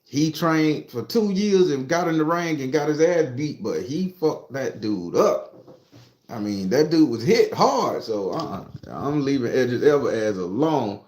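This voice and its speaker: A man working as a tarot reader and spiritualist, lecturing his followers in a swearing, preachy style that keeps breaking into jokes. His voice sits at an ordinary pitch for a man. The room around him gives a roomy echo. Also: lively intonation, measured pace, darkish tone. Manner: profane, preachy, joking asides. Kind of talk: casual monologue to followers.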